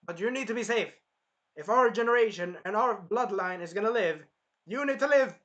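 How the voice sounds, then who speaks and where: A man's voice: high voice, expressive, moderate pace, a bit bright, muffled recording, voice pushed up. A man putting on the voice of a frantic mother who sends her daughter away, pleading and overwrought.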